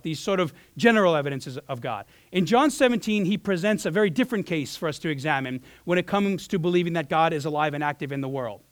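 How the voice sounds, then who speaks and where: A man's voice: fairly high pitch, no room sound. A man preaching a sermon in an earnest, conversational way, with many "like"s and restarts. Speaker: pastor.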